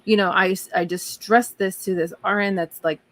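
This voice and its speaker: A woman's voice: medium pitch, fairly even intonation, moderate pace. A woman in a casual chat, speaking earnestly and emphatically as she vents about work.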